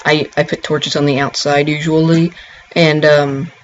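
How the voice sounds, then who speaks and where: A man narrates a casual gameplay tutorial in a slightly higher voice. He rambles and stops short, filling gaps with ums and restarting his sentences. The recording is dull and lo-fi. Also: flat delivery, a little slow.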